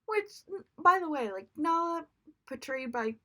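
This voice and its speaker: A woman's voice: sits high, animated, a little slow, bright, forceful tone. A young woman giving a casual spoken movie review, chatty and exasperated, with lots of fillers.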